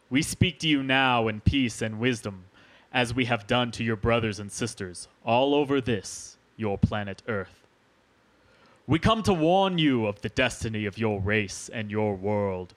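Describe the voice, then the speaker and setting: A man reading aloud as a solemn male alien envoy addressing Earth, slow and grave, as on a podcast. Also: medium pitch, a bit bright, pitched below the performer's own voice.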